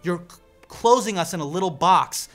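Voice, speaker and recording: A man hosting a comedy segment, ranting to camera in an animated, profane, indignant way. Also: high voice, normal speed, soft background music. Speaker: comedy show host.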